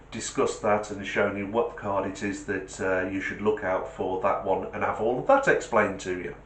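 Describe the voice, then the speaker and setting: Low-voiced man chatting in an echoey room. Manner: chatty, joking, rambling asides. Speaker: host. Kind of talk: casual explainer monologue.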